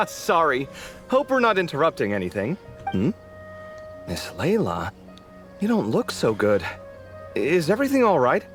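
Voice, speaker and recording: A friendly young architect from a game, chatty and polite. His voice sits at a middling pitch with lively ups and downs. Light music plays behind him. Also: a little slow, long pauses, heavily acted. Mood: apologetic. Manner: warm, chatty, apologetic. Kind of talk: game voice acting.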